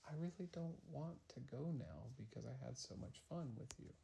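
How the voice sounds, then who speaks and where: A man voicing a polite, curious young girl in a bedtime story, in a plain, mild, quiet way. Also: medium pitch, normal speed, gravelly, a little hiss or hum.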